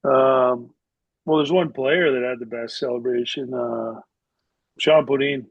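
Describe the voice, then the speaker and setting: A middle-aged former hockey player, a podcast guest, tells loose, rambling anecdotes padded with filler words. His voice is medium-pitched and steady at normal speed, and the recording sounds dull, dry, and lo-fi.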